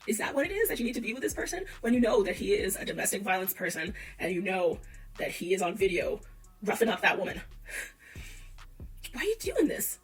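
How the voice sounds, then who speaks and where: A woman's voice: mid-range voice, sing-song, a little fast, far from the mic, soft background music, poor audio. A woman giving a casual opinion rant, exasperated and full of rhetorical questions. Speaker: commentator.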